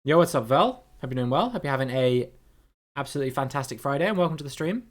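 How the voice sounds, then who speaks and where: A man gives chatty, playful live-stream commentary while playing a guessing game with viewers, greeting them by name and swearing casually. His medium-pitched voice is animated and quick.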